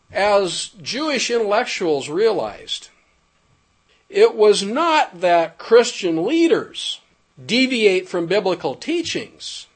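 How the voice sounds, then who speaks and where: Slow, high-voiced man reading formally. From United States. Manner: formal, measured, ornate wording. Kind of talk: reading a prepared text aloud.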